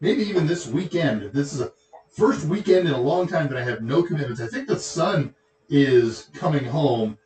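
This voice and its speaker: A man's voice: fairly high pitch, lively intonation, moderate pace, darkish tone. Chatty Texan man in an echoey room. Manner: rambling, joking asides. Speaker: tech show host. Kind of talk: casual livestream chat.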